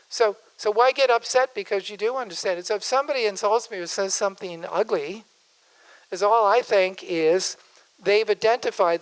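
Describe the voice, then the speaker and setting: An older man gives a relaxed public speech with a smooth, resonant voice. He talks in a folksy way, drifts into asides and often breaks off and restarts his sentences. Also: sits high, rough recording. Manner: folksy, digressive, self-interrupting. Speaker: physician giving a speech.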